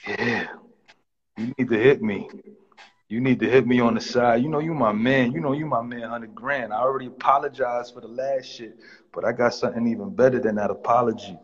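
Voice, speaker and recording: A man on a live stream speaking in slow, low, ominous repeated lines. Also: breathy edge, muffled recording. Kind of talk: casual live-stream chat.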